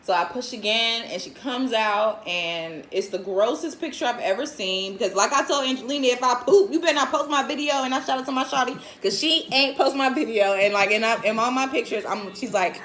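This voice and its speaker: A woman in her twenties casually telling viewers a story, frank and animated, often laughing and acting out what other people said. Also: fairly high pitch, fairly quick, hardly any pauses, slight background noise. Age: 20s. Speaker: vlogger and new mother.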